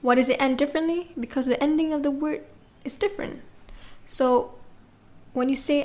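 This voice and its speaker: Patient woman teaching French, slightly high voice. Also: steady tone, moderate pace, a little mellow. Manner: patient, spells words letter by letter, checks with "okay?" and "right?". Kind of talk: classroom lesson explaining grammar.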